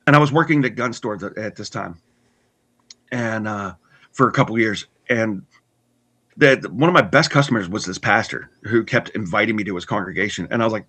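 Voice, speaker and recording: A man earnestly telling his personal story in conversation, halting with restarts and repeats. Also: fairly low pitch, a bit bright, slightly rough. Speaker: guest telling his testimony.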